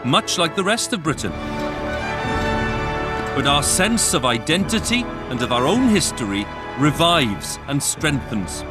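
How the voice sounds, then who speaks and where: Welsh male documentary narrator, measured and earnest, over clear music. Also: a little high, very animated. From Wales. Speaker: documentary presenter. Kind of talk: scripted narration. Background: background music.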